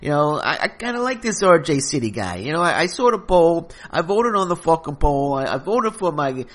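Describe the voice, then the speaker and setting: A man voicing a loud, foul-mouthed, violent male mobster who swears constantly and talks pushy and brash. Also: on the high side, very animated, moderate pace, voice pushed up. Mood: brash, aggressive.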